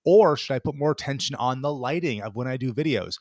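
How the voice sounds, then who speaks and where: A man's voice: medium pitch, lively intonation, a little fast, a little mellow, no room sound, studio quality. A man hosting a podcast interview, posing thoughtful follow-up questions to his guest. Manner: thoughtful, asks probing questions. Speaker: podcast host.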